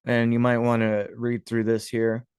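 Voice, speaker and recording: A man in the middle of his pitch range talks through old etchings and clippings in a loose, musing way. He slips into sarcasm often and calls his viewers "guys". The sound is close and dry, with no room around it. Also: monotone, moderate pace, a little mellow, smooth, dry recording. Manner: musing, sarcastic asides, frequent "guys" and chuckles. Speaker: history video host. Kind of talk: casual commentary over images.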